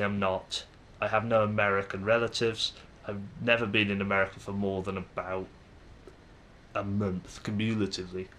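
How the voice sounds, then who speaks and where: A man's voice: lowish voice, a bit bright, slight background noise. A young Englishman with an English accent, musing to camera in a rambling, hesitant way with many fillers and restarts. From England. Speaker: vlogger.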